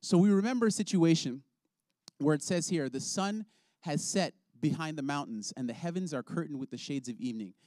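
A man's voice: fairly high pitch, fairly quick, dry recording. Earnest preaching man, dry close sound. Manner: earnest, animated storyteller. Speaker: children's ministry trainer. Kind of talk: prayer and teaching talk with storytelling.

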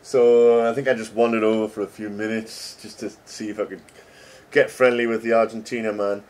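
A man's voice: lowish voice, level tone, fairly quick, a little mellow. A middle-aged man, a game developer chatting casually and joking as he reads code names aloud. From England. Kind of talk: casual commentary while reading code.

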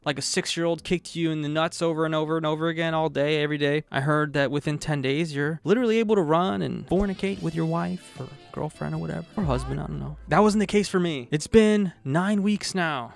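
A man's voice: fairly high pitch, vocal fry. A tired man in his thirties rambling through a jokey, self-deprecating monologue to camera on a wired microphone. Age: 30s. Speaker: vlogger. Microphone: wired XLR microphone.

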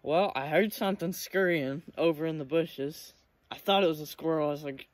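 Excitable teenage boy, high and dry. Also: normal speed, no room sound. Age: teens. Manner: excited, emotional storytelling with repeated words. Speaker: hunting vlogger. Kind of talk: casual storytelling to camera.

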